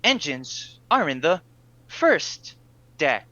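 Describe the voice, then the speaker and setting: A man's voice: a little high, very animated, slow, bright, forceful tone, no echo, highs cut off, exaggerated voice. A man voicing a dutiful male ship's android in a tabletop game, giving clipped, formal replies.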